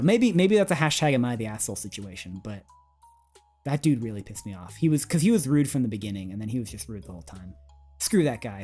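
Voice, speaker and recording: A man chatting on a livestream in a loose, rambling way. He speaks at a mid pitch and fills his sentences with "like" and little chuckles. Faint music plays underneath. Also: a little mellow. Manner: rambling, fillers, frequent "like", chuckles. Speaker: streamer. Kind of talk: casual livestream storytelling.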